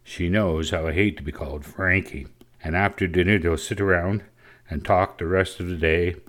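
A man's voice: low-pitched, fairly even intonation, normal speed, fairly bright tone. A man reading the part of a bored teenage boy who complains in a world-weary way. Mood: grumbling. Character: bored sulky teenage boy grumbling about Christmas.

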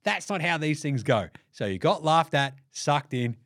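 A man's voice: fairly high pitch, animated, normal speed, fairly bright tone, no room sound, clean studio sound. A man hosting a solo basketball podcast, sarcastic and profane as he riffs on the day's games. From Australia. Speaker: podcast host. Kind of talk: solo sports podcast rant.

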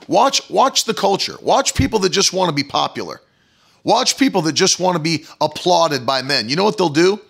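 Fiery high-voiced male preacher, gravelly edge. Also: a bit bright. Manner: fiery, hammering rhetorical questions. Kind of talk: sermon.

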